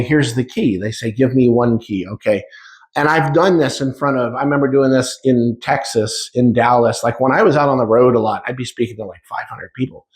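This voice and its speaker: A man in his fifties giving an informal spiritual talk to a live audience, speaking conversationally and acting out little dialogues. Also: mid-range voice. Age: 50s. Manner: conversational, acts out dialogue with shifting speed. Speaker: spiritual teacher. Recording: roomy echo.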